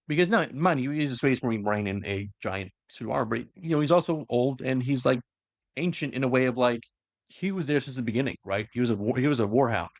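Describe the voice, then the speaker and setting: A man's voice: mid-range voice, fast talker, no room sound, studio quality. A man casually retelling a story in a loose, rambling way with many fillers. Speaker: lore explainer. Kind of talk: casual lore chat.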